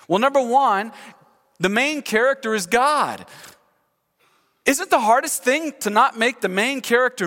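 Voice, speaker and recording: A male pastor preaching a sermon to a congregation in a church, animated and acting out quoted speech, leading the room in call-and-response. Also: high-pitched. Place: church sanctuary. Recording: long hall reverb in church.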